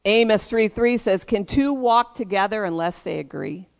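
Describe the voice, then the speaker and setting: At a moderate pace, a pastor delivers an emphatic sermon and draws responses from the congregation. The clear, resonant voice stays in a middle pitch.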